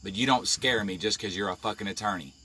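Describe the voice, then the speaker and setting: A man delivers a heated live-video rant, swearing at almost every turn. His voice sits low and pushes forward with a hard, tense edge. He stays confrontational throughout. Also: quick pace, pushed and bright, a little hiss or hum. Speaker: live-stream vlogger.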